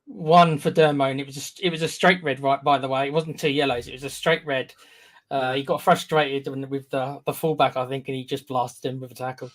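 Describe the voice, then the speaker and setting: A man's voice: mid-range voice, steady tone, brisk, fairly bright tone. A man co-hosting a casual fan live stream, teasing and bantering with his co-host. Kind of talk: casual chat.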